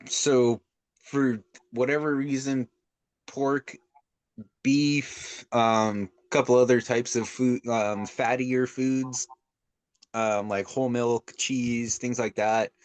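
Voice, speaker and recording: A man's voice: mid-range voice, takes it slowly, dry recording. A young man chatting casually on a podcast, laid-back and rambling with lots of restarts. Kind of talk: casual chat.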